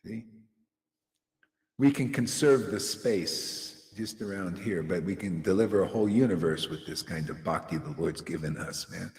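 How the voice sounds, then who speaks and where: A low-pitched, darkish male voice at normal speed gives a casual, confrontational devotional sermon, wandering from point to point and asking "see?" often. It's recorded in an echoey hall with long reverb.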